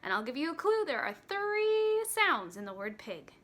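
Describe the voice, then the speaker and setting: Bright high-voiced teacher singing for children. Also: female voice, big pitch swings. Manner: playful, sings and raps, sounds out words slowly. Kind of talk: children's phonics lesson with songs.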